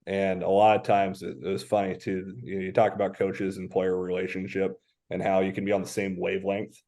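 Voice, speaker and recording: A man in his thirties from Washington State, a high school football coach telling stories as a podcast guest. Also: little pitch movement, fairly quick, creaky, dark tone. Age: 30s. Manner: reflective, anecdotal, many "um" fillers. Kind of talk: casual podcast interview.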